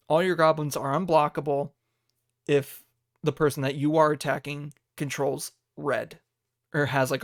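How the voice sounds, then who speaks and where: Chatty man with a slightly high voice. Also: no echo, clean studio sound. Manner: loose and digressive, laughing often; thinks aloud while looking things up. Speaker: livestream podcast host. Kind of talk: casual rambling live-stream chat.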